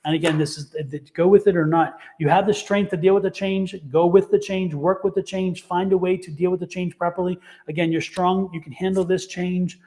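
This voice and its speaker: A man's voice: sits high, steady tone, brisk, hardly any pauses, warm tone. Enthusiastic man reading tarot live. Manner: enthusiastic, rambling, laughs often. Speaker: tarot reader.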